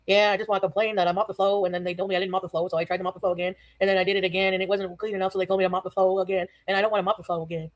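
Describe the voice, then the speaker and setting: A woman's voice: mid-range voice, level tone, racing, hardly any pauses, natural voice. A woman doing a put-on Southern US accent as a whiny man who keeps complaining about being told to mop the floor again. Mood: whining. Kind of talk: mimicked caller in a livestream story.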